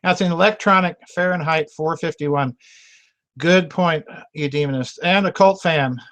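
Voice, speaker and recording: A man's voice: fairly high pitch, moderate pace, a bit bright. A man hosting a members' video chat, talking casually, laughing often and repeating himself as he goes. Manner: chatty and self-mocking, laughs often, repeats words.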